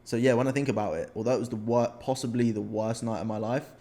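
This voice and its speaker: Young uk man, podcast co-host, animated storyteller, repeats himself, casual chat. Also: mid-range voice, fast talker. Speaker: podcast co-host, men's coach.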